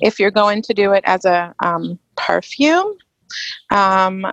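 A woman's voice: medium pitch, lively intonation, slow, a bit bright, dry recording, muffled recording. A woman from England with an East Anglian English accent, hosting a casual live question-and-answer chat, talking loosely with frequent ums and restarts. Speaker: host.

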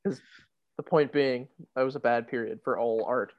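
A man's voice: mid-range voice, fairly even intonation, moderate pace. A man co-hosting a podcast, joking and teasing his friend in casual banter. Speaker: podcast co-host. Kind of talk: casual chat. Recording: dull lo-fi sound.

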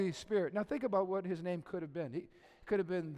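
Speaking quickly, a middle-aged pastor delivers a chatty sermon in a somewhat high voice, putting questions to his congregation and slipping in jokes. His delivery swings from quiet, intimate moments to loud, forceful high points, all echoing with the lengthy reverb of a sanctuary.

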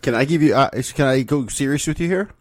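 A man's voice: medium pitch, fast talker, darkish tone, dry recording, studio quality. A man co-hosting a casual movie podcast, blunt, teasing and opinionated. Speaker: podcast co-host.

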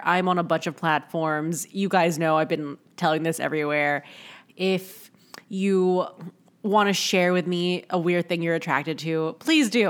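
A young woman hosting a casual solo podcast, rambling with many fillers and poking fun at herself. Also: fairly low pitch. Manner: rambling, frequent "like" fillers, self-mocking. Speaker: podcast host.

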